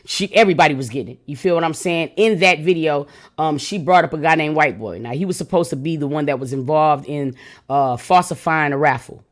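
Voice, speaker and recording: A woman hosting a reaction channel, talking straight to her viewers in a hyped, slangy, casual way. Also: low voice.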